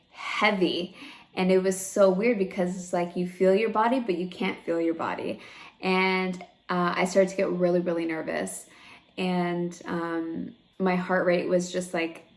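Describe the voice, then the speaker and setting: A young woman vlogging about her own experience in a chatty, candid way, full of fillers and close to tears at moments. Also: lowish voice. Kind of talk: personal vlog storytelling.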